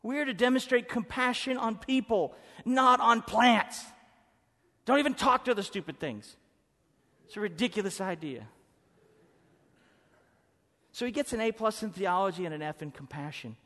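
A man preaching a sermon as pastor, emphatic and swinging from loud to hushed. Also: high-pitched, animated, moderate pace, pauses often. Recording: preaching in a hall with long reverb.

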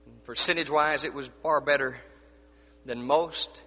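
Emphatic preacher in an echoing hall. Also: male voice, a little high, steady tone, normal speed, highs cut off. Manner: emphatic preaching, swinging from loud declarations to hushed asides. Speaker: pastor. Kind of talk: sermon.

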